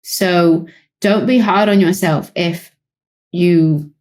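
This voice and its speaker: A British woman with a British accent, a psychologist co-hosting a podcast, explaining calmly in relaxed conversation with light laughs. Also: fairly low pitch, takes it slowly. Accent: British English. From Britain. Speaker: psychologist co-host.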